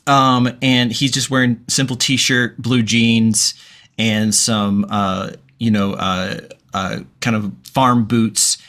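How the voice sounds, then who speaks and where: A man's voice: mid-range voice, flat delivery, slow pace, a bit bright. A man narrating as game master, rambling and full of fillers.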